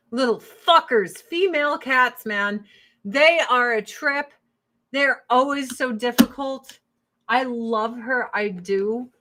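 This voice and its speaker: A woman's voice: on the high side, pushed and bright. A woman hosting a casual livestream chat with her online audience, blunt and profane, who breaks off to coo baby talk at her pets.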